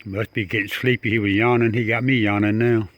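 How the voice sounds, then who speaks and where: A man's voice: on the low side, level tone, a little fast, no echo, muffled recording. A man, talking casually and coaxingly to an animal outdoors at night, chuckling and repeating himself. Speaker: backyard wildlife videographer.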